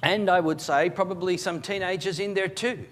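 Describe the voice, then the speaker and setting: A man, a pastor preaching a live sermon in church, telling the story with emphatic, animated delivery and frequent restarts. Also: sits high, moderate pace. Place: church service.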